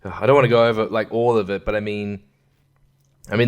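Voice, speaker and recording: Aussie guy doing a sarcastic podcast rant, laughs at his own jokes, mid-pitched voice. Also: brisk, clear, resonant tone. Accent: Australian. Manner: sarcastic, chuckles between jokes. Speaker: podcast host. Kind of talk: comedic monologue.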